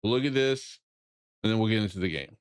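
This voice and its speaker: A man's voice: lowish voice, expressive, fairly quick, clean tone, no room sound. A middle-aged man streaming games, chatting bluntly and rambling with casual profanity.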